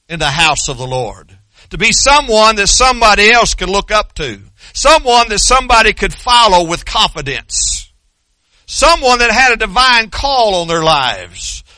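Bright-voiced fervent preacher man. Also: sits high, no echo, clean studio sound. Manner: folksy, rising to shouted fervor. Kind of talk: sermon.

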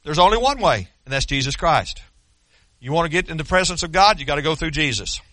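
A male pastor delivers a sermon in a forceful, rising cadence, hammering the same points again and again. His voice sits high and bright, close and dry on the mic. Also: lively intonation, a little fast, no echo. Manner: emphatic, repetitive preaching cadence.

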